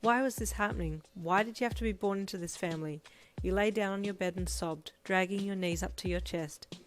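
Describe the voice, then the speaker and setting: A woman's voice: mid-range voice, fairly quick, slight background noise. A woman narrating a fan story aloud in second person, reading steadily. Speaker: fanfiction reader.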